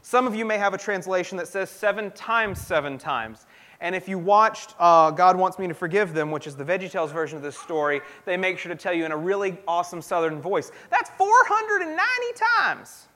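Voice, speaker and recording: A man with a notably high voice delivers a sermon as a pastor. He talks in an earnest, conversational way and often circles back to restart his sentences. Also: a little fast, fairly bright tone.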